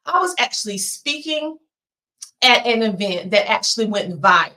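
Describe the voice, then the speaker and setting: A woman's voice: mid-range voice, bright, forceful tone. Southern woman giving a motivational talk. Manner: earnest, emphatic, with dramatic pauses. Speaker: motivational speaker. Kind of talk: motivational presentation.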